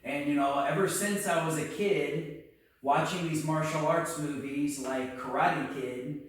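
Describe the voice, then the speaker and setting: A man teaching martial arts telling his life story in casual chat, relaxed and earnest. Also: fairly high pitch, unhurried. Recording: echoey room, mic far off.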